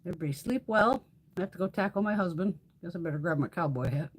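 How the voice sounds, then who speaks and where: Chatty, foul-mouthed woman, lively pitch. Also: fast, breathy edge. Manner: chatty, profane, laughs often. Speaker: beauty livestream host. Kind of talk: casual livestream chat.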